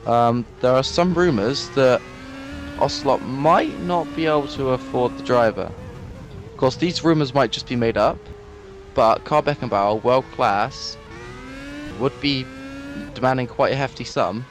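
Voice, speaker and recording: A young man co-commentating a race in a relaxed, analytical way, with dry jokes. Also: mid-range voice, measured pace, background noise.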